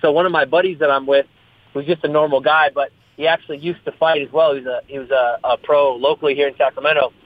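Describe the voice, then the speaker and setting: A man's voice: on the high side, fairly even intonation, fast, dry recording. A young man, a fighter, talking in a casual interview, rambling, repeating his words and swearing freely. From US West Coast. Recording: tinny phone-like line.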